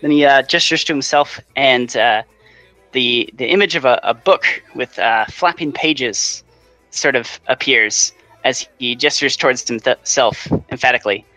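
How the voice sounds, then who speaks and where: A man playing a tabletop game, describing his character's actions in a halting, easygoing way. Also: medium pitch, sharp tone, no room sound, soft background music.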